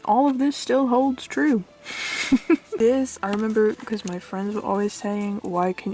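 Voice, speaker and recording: A woman's voice: fairly high pitch, normal speed. Giggly, chatty young woman. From United Kingdom. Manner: giggly, chatty, self-mocking, trails off into mutters; squeals with excitement at finds. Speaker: vlogger. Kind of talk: casual chat. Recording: faint music behind.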